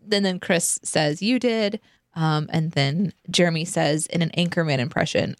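A woman chatting on a podcast, animated and giggly. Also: low-pitched, normal speed, dry recording, clean studio sound. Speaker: podcast guest. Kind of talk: casual chat.

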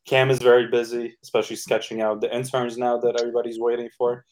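A man in a casual podcast interview, speaking in a relaxed, upbeat way with lots of "uh" and "like". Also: medium pitch, fast. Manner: relaxed, filler-heavy, upbeat. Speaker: NFT project co-founder guest.

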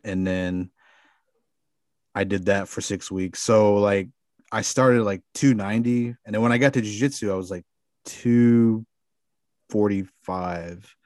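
A man's voice: fairly low pitch, fairly even intonation, measured pace, long pauses, a little mellow, no room sound, clean studio sound. A man talking as a podcast guest, telling a rambling story full of fillers and the odd swear word. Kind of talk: casual storytelling.

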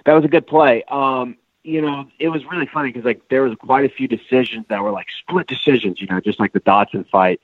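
A man's voice: mid-range voice, fairly quick, few pauses, no room sound, phone-quality sound. A man from Kentucky with a light Southern accent, chatting on a podcast in a rambling, hesitant way with lots of fillers. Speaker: podcast co-host. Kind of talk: casual chat.

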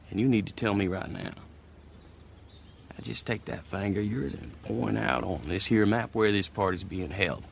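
An actor playing a blunt, cocky army lieutenant from a film, speaking in a slow, drawling, sarcastic way. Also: male voice, lowish voice, creaky, slight background noise. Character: cocky American army lieutenant, male, grown, blunt and menacing. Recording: film audio with music and ambience.

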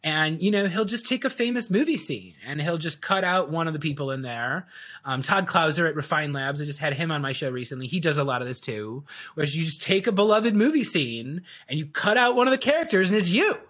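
A high-pitched man gives lively, casual interview talk. He rambles animatedly and leans on plenty of fillers. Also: fairly quick. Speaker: guest, video coach.

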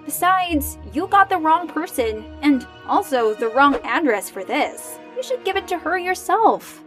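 A woman's voice: sits high, sing-song, a little slow, fairly bright tone, soft background music, heavily acted. A woman voicing a flustered teen girl. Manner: urgent, protesting. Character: flustered teenage girl, protesting. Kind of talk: animated storytime acting.

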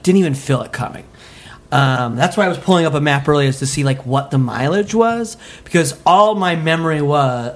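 Animated man telling a wild story. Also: a little high. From Utah. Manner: animated, laughing, swears a lot. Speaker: comedy podcast guest telling a story. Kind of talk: casual storytelling.

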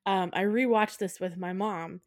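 A woman's voice: mid-range voice, normal speed, a little mellow, dry recording, studio quality. A woman co-hosting a podcast, casually retelling film scenes with frequent giggles. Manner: giggly, retells scenes and slips into put-on accents. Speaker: podcast co-host. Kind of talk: casual film-recap chat.

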